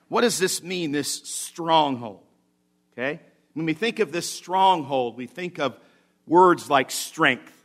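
A man with a somewhat high voice preaches to his congregation in an emphatic, repetitive style. He checks in with a quick "okay?" between points. Then he works himself up into fervent exclamations. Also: a bit bright. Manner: emphatic, repeats key phrases, checks in with "Okay?". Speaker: pastor. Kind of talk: sermon. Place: church service.

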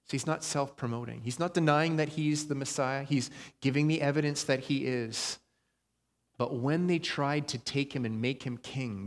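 A man preaches in a conversational tone, pausing to stress key phrases. His voice sits at an ordinary middle pitch. The sound carries a long reverb from the hall. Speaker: pastor. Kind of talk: sermon.

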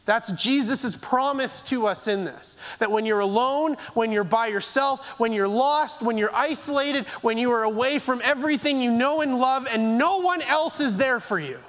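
A man preaching a sermon in an earnest, halting way, often restarting his phrases and moving between raised and hushed delivery. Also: extremely high pitch. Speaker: pastor.

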